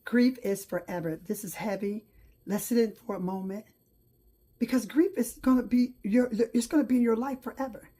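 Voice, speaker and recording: A woman's voice: fairly high pitch, mellow, slightly rough. A middle-aged woman hosting her own talk show, telling a personal story in an earnest, reflective way. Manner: earnest storytelling with pauses and restarts. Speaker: host.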